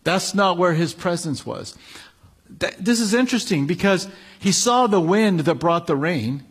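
Casual preaching man, a bit high. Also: lively intonation, normal speed, husky. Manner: conversational, explains scripture with casual asides. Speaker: pastor. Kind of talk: sermon with Bible reading.

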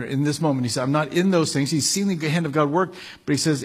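Male pastor, somewhat high voice, conversational sermon with easygoing asides. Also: fairly even intonation, quick pace, slightly rough. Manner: conversational, explains scripture with casual asides. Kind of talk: sermon with Bible reading.

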